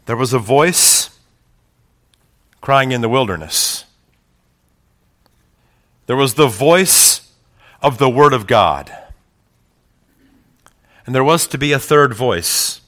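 A man preaching a sermon who swells into loud, rousing passages and then drops to quiet, reflective asides. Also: mid-range voice, lively intonation, slow, pauses often. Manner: builds to loud climaxes quoting speeches. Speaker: pastor.

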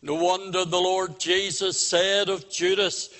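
A man's voice: high voice, little pitch movement, unhurried, a bit bright. A man preaching a revival sermon, fervent and pleading, with repeated rhetorical questions. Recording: long hall reverb.

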